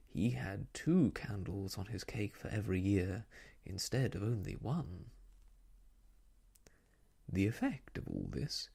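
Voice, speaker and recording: Slow, soft-spoken gravelly man reading. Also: lowish voice. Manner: gentle, slow, partly whispered. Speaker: storyteller. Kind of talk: soft ASMR story reading.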